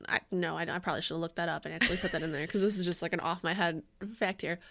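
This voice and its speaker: A woman's voice: fairly low pitch, fairly even intonation, rapid-fire, creaky, fairly bright tone. A woman co-hosting a podcast in casual chat, swearing freely and laughing often. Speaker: podcast co-host.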